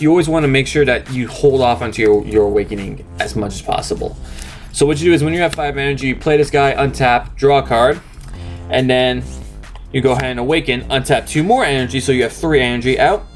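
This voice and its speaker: A man's voice: medium pitch, fairly quick, faint music behind. A young man hosting a card game channel, chatting casually and explaining a deck step by step in an upbeat, talkative way. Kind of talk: casual deck profile walkthrough.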